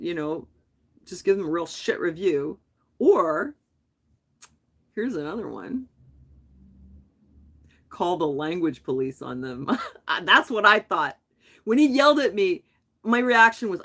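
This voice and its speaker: A woman chatting on a live stream in an easygoing, unscripted way. She rambles through her story with animation, often breaking off and starting sentences again. Her voice sits at an ordinary middle pitch for a woman. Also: expressive, unhurried, long pauses, a bit bright. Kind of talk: casual chat.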